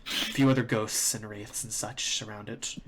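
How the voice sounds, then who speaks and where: A man running a tabletop game as game master, narrating in slow, drawn-out descriptions. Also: lowish voice, fairly even intonation, a bit bright, slight background noise. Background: faint music.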